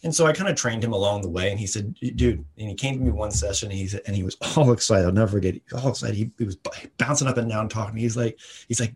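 A man's voice: lowish voice, racing, slightly rough. A man co-hosting a podcast, telling a story in a casual chat and acting out the voices of the people in it. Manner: animated storyteller, acts out quoted voices.

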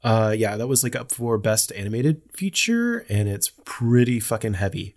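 A man's voice: fairly low pitch, animated, normal speed, darkish tone. A man co-hosting a podcast in casual chat, reading out listener messages in a rambling way, full of fillers and easy laughter. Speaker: podcast co-host.

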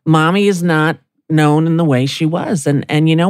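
A woman's voice: low-pitched, moderate pace, darkish tone, smooth, dry recording, studio quality. A woman in her sixties hosting a podcast, chatting casually and affectionately with her guest. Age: 60s. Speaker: podcast host. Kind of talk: casual conversation.

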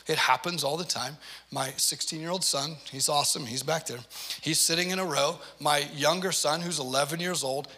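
A man in his forties preaching a sermon, telling stories with playful asides and lively, animated delivery. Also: on the high side. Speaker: pastor.

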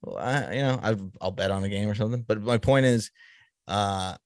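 A man from the Boston area talks as a guest in a loose video call chat. His voice sits fairly low, the sound is dry and close with no room around it, and his thoughts wander and restart. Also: fairly quick, no echo. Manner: rambling, self-interrupting, laughs often. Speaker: podcast guest. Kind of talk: casual chat.

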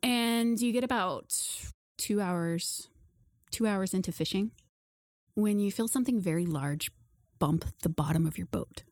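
A woman's voice: mid-range voice, a little slow, dry recording. Woman game master narrating casually. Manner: relaxed, conversational, with "uh"s. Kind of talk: narrating a tabletop horror game.

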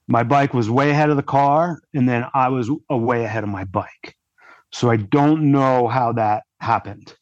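A man speaking as a podcast guest, telling a long story in a loose, rambling way full of fillers. His voice sits at a middle pitch. The recording sounds dull and lo-fi, with a very dry, close feel. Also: darkish tone, no room sound. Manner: rambling, heavy use of "like" fillers. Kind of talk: casual storytelling.

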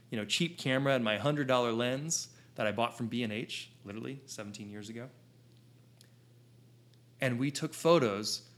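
Man in his thirties, mid-pitched, for an excitable storyteller who rambles and restarts. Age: 30s. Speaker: photographer telling his story. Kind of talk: animated personal storytelling to an audience.

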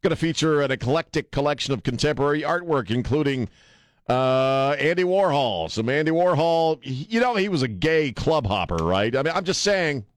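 A man hosts a talk radio show, riffing on the news with blunt jokes and rambling full of fillers. His medium-pitched voice is animated and moves at a moderate pace. It's casual talk radio banter, captured on a studio microphone with a dry studio sound.

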